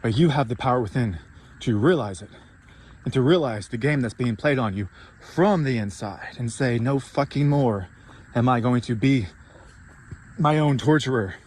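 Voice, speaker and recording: A man's voice: mid-range voice, normal speed, darkish tone, slight background noise. A man delivering an intense, profane motivational rant, rambling and mocking himself as he goes. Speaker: podcast host.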